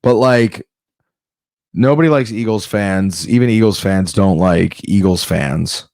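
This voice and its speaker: A man's voice: deep voice, unhurried, a little mellow, no room sound, clean studio sound. A man doing a rambling comedic monologue, often breaking off and restarting mid-sentence. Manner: rambling, self-interrupting, off-the-cuff.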